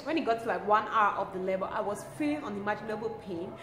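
A young woman, telling a personal story to her vlog audience in a lively, expressive way and laughing often. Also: mid-range voice, fast. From Cameroon. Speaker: lifestyle vlogger. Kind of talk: casual storytelling to camera. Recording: roomy with faint ambient noise.

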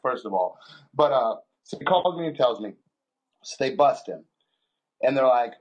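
A man with a husky, mid-pitched voice co-hosts a podcast and spins crude, rambling stories in loose casual chat. He swears constantly and breaks into laughter as he talks. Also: big pitch swings, moderate pace. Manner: crude, joking storyteller who swears a lot and laughs often. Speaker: podcast co-host.

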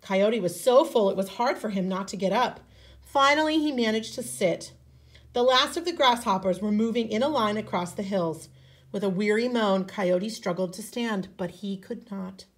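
A woman teacher reading a folk tale aloud, expressive, with casual asides. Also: mid-range voice, normal speed. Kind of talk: storybook read-aloud.

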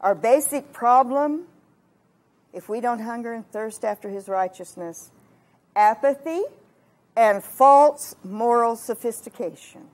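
A woman, probably older, telling a story from the pulpit in a lively sermon, acting out the voices of herself and her husband. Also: a little high, takes it slowly. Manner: animated, acts out her own lines and her husband's. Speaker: camp speaker.

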